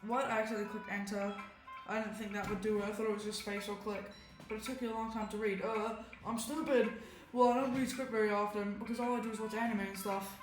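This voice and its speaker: A woman's voice: mid-range voice, flat delivery, fast talker. A woman giving casual, self-deprecating asides while she plays a visual novel. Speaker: game streamer. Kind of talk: casual let's-play commentary. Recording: roomy, faint game music.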